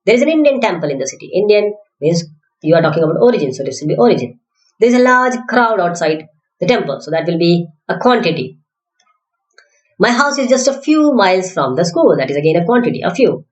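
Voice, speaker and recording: Animated woman teaching grammar, roomy echo. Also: fairly low pitch, fast, lo-fi sound. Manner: drills word lists aloud, spells out letters, corrects herself. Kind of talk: classroom-style grammar lesson.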